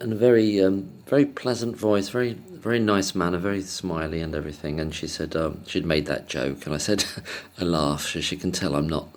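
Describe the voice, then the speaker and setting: A man's voice: sits low, slight background noise. A man telling a casual, rambling story to camera, hesitant and self-deprecating, chuckling often. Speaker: vlogger.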